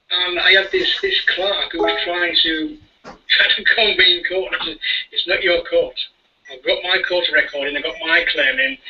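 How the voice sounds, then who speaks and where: A man telling his story in casual chat, rambling, repeating words and chuckling now and then. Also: on the high side. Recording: dull distant radio audio.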